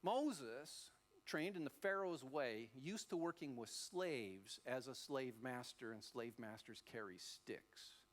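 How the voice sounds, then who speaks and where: A man preaching a sermon as a pastor, telling the story in a lively way and acting out the voices. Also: mid-range voice, slow pace. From Australia.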